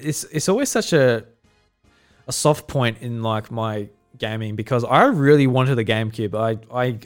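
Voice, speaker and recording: A young man from South Australia, hosting a casual podcast and telling stories in a rambling way, with many restarts. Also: medium pitch. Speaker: podcast host.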